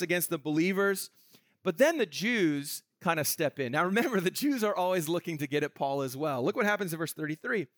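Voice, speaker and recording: A man preaching a sermon from Canada, animated, laughing often and acting out crowd voices with many restarts. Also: high voice, no echo. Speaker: pastor.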